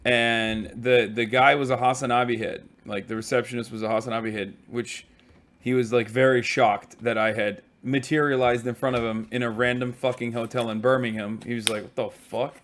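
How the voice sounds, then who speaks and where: Profane, animated male livestreamer. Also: medium pitch, normal speed. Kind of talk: casual stream chat. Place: hotel room.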